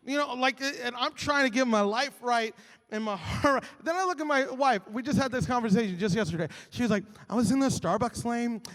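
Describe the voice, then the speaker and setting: A man's voice: very high voice, a bit bright, in a large hall. A male pastor preaching a sermon, telling stories animatedly and acting out his own grumbling.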